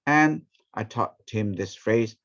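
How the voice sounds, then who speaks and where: A man, teaching a ministry training session through lively stories and acted-out quotes. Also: lowish voice, slow pace. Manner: animated, acts out quoted speech. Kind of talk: storytelling teaching talk. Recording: dull, muffled recording.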